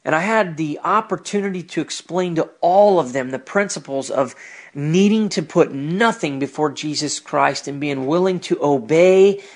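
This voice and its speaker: Earnest man with a higher voice. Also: normal speed. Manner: earnest, reflective. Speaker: podcast host with a ministry. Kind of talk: personal religious commentary.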